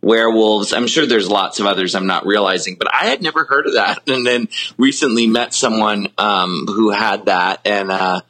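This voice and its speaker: A man's voice: fairly low pitch, normal speed, few pauses, pushed and bright. A man talking in a casual podcast chat, hesitant, with frequent restarts. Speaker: filmmaker guest.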